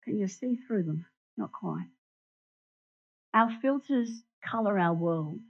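A woman's voice: medium pitch, slow, creaky. Woman preaching with props, lo-fi. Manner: animated, asks the congregation questions. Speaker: church speaker. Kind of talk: interactive sermon with props. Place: church. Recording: dull lo-fi recording.

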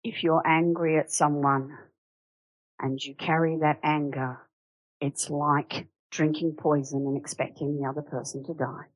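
A woman's voice: low-pitched, level tone, a little slow, no room sound, rough recording. A woman preaches a sermon. She talks conversationally and with animation, asking rhetorical questions, and the recording is close and dry.

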